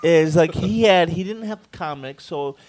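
A man co-hosting a podcast, talking in an excitable, laughing, profane way. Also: on the high side, unhurried. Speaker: podcast co-host. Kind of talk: casual podcast chat.

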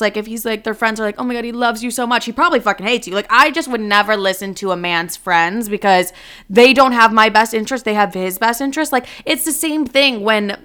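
A woman's voice: a little high, pushed and bright, smooth. A young woman in her twenties hosting her podcast from home, chatting casually and joking with lots of swearing. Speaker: podcast host. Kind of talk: casual chat.

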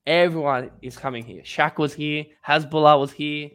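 Guy co-hosting a footy podcast, kinda high voice, eager and rambly, lots of "like". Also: fairly even intonation, normal speed, fairly bright tone, clean tone. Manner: eager, pleading, rambling with fillers. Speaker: podcast co-host. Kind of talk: casual podcast chat.

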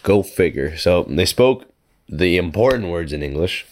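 A young man co-hosting a podcast, telling a rambling story in casual chat, pausing to search for words. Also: low-pitched, lively intonation. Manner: rambling, halting with fillers. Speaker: podcast co-host.

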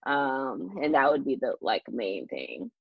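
A young woman chats on her podcast with a husky, low voice that rises and falls in lively swings. She rambles loosely, full of fillers and restarts. The dull, lo-fi sound is dry, with no room around it. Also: takes it slowly, no room sound. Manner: rambling, many fillers and restarts, laughs often. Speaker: podcast host. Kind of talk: casual chat.

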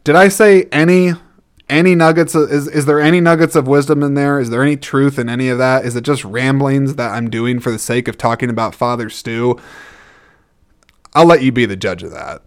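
Smooth-voiced man rambling on his podcast. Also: medium pitch, moderate pace. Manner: rambling, thinking aloud with many restarts; self-deprecating and easygoing. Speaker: podcast host reviewing movies. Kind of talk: casual solo podcast talk.

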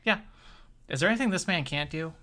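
A woman from Chicago co-hosting a podcast, giggly and animated, swearing casually as she recaps. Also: very deep voice, a little fast. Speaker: podcast co-host. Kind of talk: casual chat recapping a TV episode.

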